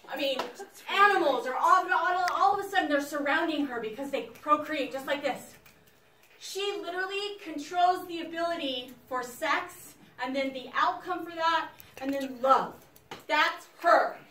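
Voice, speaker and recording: A woman teacher lecturing her class in an animated, chatty way, speaking straight to the students. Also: sits high, moderate pace. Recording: echoey classroom, mic far off.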